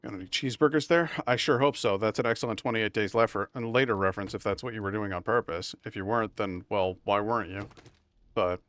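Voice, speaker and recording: A man's voice: fairly low pitch, fast, fairly bright tone, dry recording. Wry, chatty man streaming a game. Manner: wry, chatty, talks to himself. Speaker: streamer playing a survival game. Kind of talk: casual gameplay commentary.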